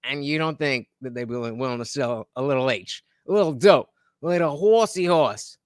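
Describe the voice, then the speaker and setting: A man's voice: mid-range voice, fairly quick, dry recording, studio quality. A man hosting a livestream, chatting casually to his viewers and reacting to a podcast clip, rambling with lots of fillers and restarts. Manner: chats directly to viewers.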